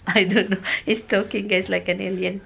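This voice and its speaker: A woman's voice: mid-range voice, level tone, normal speed, vocal fry, a loud crowd. A woman from the Philippines with a Filipino accent, chatting giggly and casually to her viewers as a vlogger. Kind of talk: casual chat.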